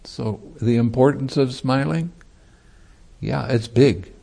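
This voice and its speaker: Male monk, meditation teacher, dharma talk; slow delivery, mellow voice, easy laughter. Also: mid-range voice, creaky. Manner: light-hearted, laughs easily while teaching.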